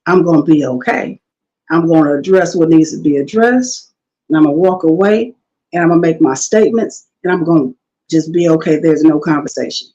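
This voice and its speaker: Animated woman telling a story, lo-fi. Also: low voice, brisk. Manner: animated storytelling, quotes others in lively voices. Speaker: guest. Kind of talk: casual conversational interview.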